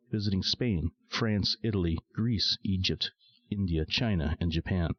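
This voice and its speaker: A man reading a novel aloud as an audiobook narrator, in a steady, measured storytelling manner. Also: sits low. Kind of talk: scripted narration. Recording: dry, dull lo-fi sound.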